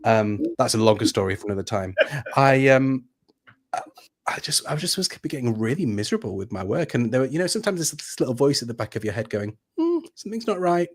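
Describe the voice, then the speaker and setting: A man's voice: mid-range voice, lively intonation, fast. A man with a British accent, an executive coach, telling his story thoughtfully in a livestream interview with hesitant restarts.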